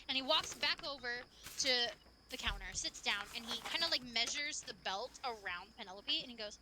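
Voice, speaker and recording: A woman's voice: fairly high pitch, expressive, fairly quick, background noise. A woman narrating a tabletop game as game master, chatty and loose, full of fillers.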